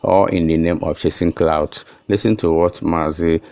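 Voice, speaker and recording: A man's voice: low-pitched, fairly even intonation, moderate pace, warm tone. A man presenting a news voice-over in a matter-of-fact way.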